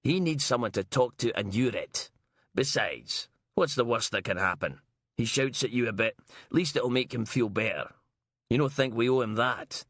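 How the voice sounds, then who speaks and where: A man's voice: mid-range voice, animated, normal speed, a bit bright, no room sound, clean studio sound. Man voicing a sweary female inspector. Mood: coaxing. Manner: sweary, sarcastic, ranting. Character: foul-mouthed brash female detective inspector.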